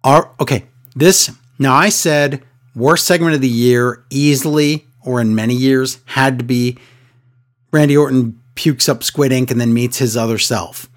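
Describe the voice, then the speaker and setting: A man's voice: mid-range voice, measured pace. A man co-hosting a casual wrestling recap, sarcastic and exasperated, often mimicking wrestlers in a raised voice. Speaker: wrestling podcast co-host.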